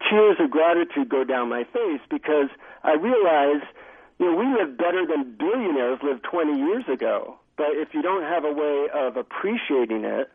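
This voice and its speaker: A middle-aged man, an author being interviewed, telling animated stories with many fillers. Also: a little high, moderate pace, husky. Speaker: author and guest. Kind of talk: phone interview storytelling. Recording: tinny phone line.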